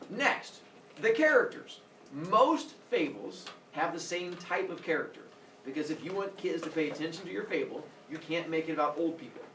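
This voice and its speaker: A man's voice: on the high side, normal speed. A man lecturing a class with comic flair, his voice rising and falling widely as he jokes and acts things out. He is heard from a distance in a roomy classroom with a faint hum behind him. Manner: animated, jokey, acts out voices and sound effects. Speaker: teacher. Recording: roomy echo, mic far off, faint room noise.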